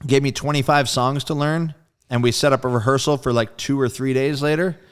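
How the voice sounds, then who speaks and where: Man, smooth resonant voice, mid pitch, casual storytelling guest, acts out quoted friends, laid-back and profane. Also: steady tone, a little fast. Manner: loose and profane, full of "like". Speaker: guest drummer.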